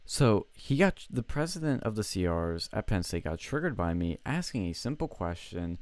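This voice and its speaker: A young man at home tells a story in a casual, animated way. He swears freely and often restarts his sentences. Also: on the low side, moderate pace, no room sound. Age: young adult. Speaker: college student telling a story on a show.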